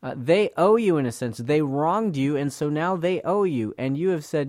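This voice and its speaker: A man's voice: fairly high pitch, animated, normal speed, few pauses, darkish tone, no echo. Earnest, dry-voiced male Bible teacher. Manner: earnest, repeats words, acts out quoted speakers.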